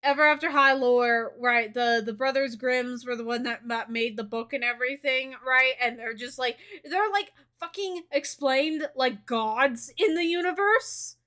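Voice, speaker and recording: A young woman streamer chatting casually with a guest, animated and playfully teasing, often laughing. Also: high-pitched, a little slow, hardly any pauses.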